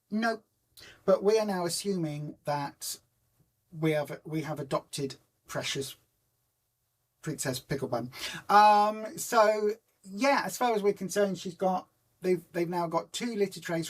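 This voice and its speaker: A woman hosting a casual live stream for her weight loss group, rambling through stories and answering viewer comments. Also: lowish voice. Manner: rambling, chatty storyteller who retells conversations in reported speech; homely and informal, many ums and restarts.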